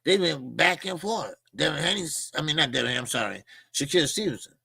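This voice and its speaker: A man hosting a boxing talk show, ranting in loud, emphatic, mocking casual commentary with plenty of swearing. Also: fairly high pitch, animated, quick pace, creaky, slightly rough, no room sound.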